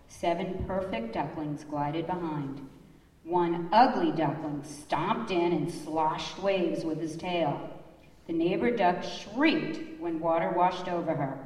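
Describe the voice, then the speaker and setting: A woman telling children a story in church, reading a storybook slowly and expressively. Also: on the low side, darkish tone. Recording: echoey church hall, far off.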